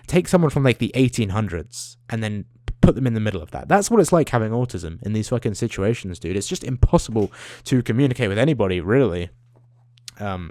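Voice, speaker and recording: Low-voiced young man, ranting. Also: no echo, studio quality. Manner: animated, swears a lot, trails off into tangents. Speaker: vlogger. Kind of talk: profane rambling rant.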